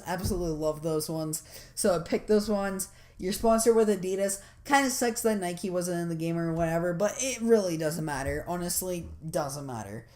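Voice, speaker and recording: A woman giving loose, rambling commentary over a video game, excited and full of fillers. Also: on the low side. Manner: excited and enthusiastic. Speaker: gameplay commentator.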